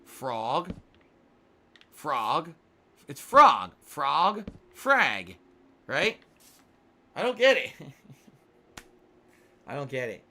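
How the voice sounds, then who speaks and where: A man's voice: a little high, very animated, drawn-out words, pauses often, pushed and bright, a little hiss or hum. A man casually chatting on a gaming livestream, rambling and musing aloud with some swearing, yawny tonight. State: yawny, sleepy. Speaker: streamer.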